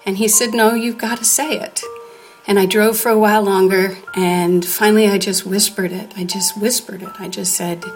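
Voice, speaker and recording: An earnest woman tells a grave personal story at an ordinary middle pitch. Her voice goes soft and nearly whispered at times. A faint trace of music sits underneath. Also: level tone, normal speed. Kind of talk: personal storytelling before an audience.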